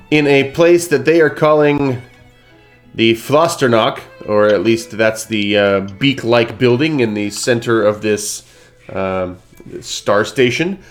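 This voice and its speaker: A man hosting a live-streamed tabletop game as game master, chatty and rambling with lots of fillers over a video call. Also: mid-range voice.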